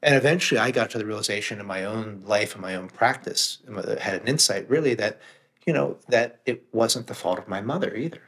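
A man's voice: on the low side, a little fast, fairly bright tone. A middle-aged man, a guest author and meditation teacher, talking emphatically and plainly in casual conversation, sometimes swearing for emphasis.

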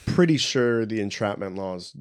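Casting: podcast guest, man with a very deep voice, easygoing and jokey. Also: lively intonation, moderate pace, smooth. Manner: laid-back, joking, swears casually. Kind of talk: casual chat.

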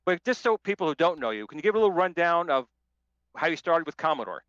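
A playful, jokey man co-hosts a podcast, his slightly high voice bouncing lively up and down. The sound is dry and a little dull. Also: quick pace, no echo. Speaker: co-host. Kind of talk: casual podcast chat.

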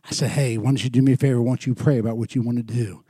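A man preaching as a pastor, telling a story with animated swings from loud bursts to quiet, intimate passages. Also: mid-range voice, rapid-fire, breathy edge, no echo, clean studio sound. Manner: animated, swings from shouting to hushed. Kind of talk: sermon storytelling.

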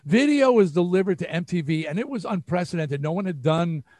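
An older man with a New York accent, a guest musician, tells stories in an interview, animatedly acting out what people said. His voice is high and brisk, recorded at studio quality with no room sound.

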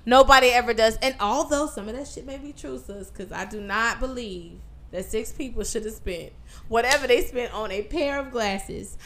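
A woman co-hosting a casual podcast, her voice sitting a bit high. She speaks candidly and curses in an easy, chatty way. She calls her co-host sis as they trade opinions. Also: normal speed. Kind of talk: casual gossip chat.

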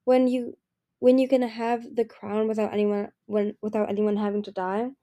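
A woman's voice: mid-range voice, little pitch movement, moderate pace, mellow, close to an everyday voice. A woman voicing a lonely, grieving male dragon who pleads and turns bitter, in an audiobook reading. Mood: pleading. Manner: pleading, raised and emotional.

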